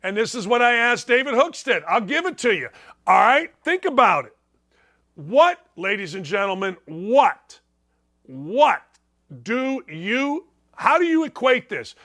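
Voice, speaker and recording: A middle-aged man hosts a sports talk show with a very high, bright voice. He rants in an opinionated way and fires off rhetorical questions. His tone is forceful throughout. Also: big pitch swings, a little slow. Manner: emphatic, rhetorical questions, ranting.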